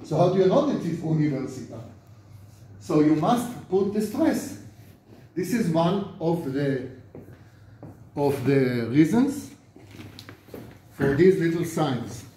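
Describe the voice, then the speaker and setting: Older Israeli rabbi lecturing in an echoey room. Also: male voice, a little high, animated, slow, pauses often, mellow. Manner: chatty, asks the class questions, repeats words for drill. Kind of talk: informal classroom lecture. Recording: echoey lecture room, mic far off, faint noise.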